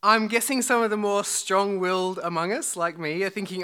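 A man's voice: high voice, steady tone, normal speed, pushed and bright, clear, resonant tone. A man preaching a sermon to a church congregation, chatty and joking with the people in front of him. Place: church hall.

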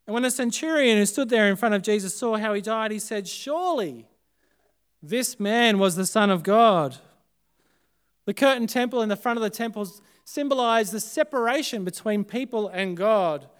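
Australian male preacher, higher register, clean resonant tone, dramatic swings from forceful to hushed. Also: fairly quick, hardly any pauses, clear, resonant tone. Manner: dramatic, swinging between loud emphasis and hushed, quiet phrases. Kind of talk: Good Friday sermon. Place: church service.

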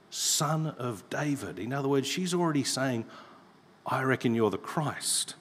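Man, preacher, animated sermon delivery, reads scripture with emphasis, long church reverb. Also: a little high. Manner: expressive preaching, reading scripture aloud with emphasis. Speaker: pastor.

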